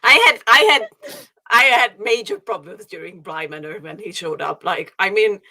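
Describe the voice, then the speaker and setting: A woman co-hosting a podcast, chatting casually about films in an excitable, gushing way with lots of quick agreement. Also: mid-range voice. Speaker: podcast co-host.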